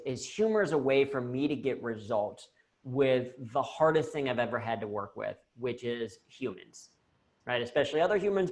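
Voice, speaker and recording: An American man giving a lively, jokey talk on humor at work during a video-call Q&A. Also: medium pitch. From United States. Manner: animated, jokey, self-deprecating. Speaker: humor and leadership speaker.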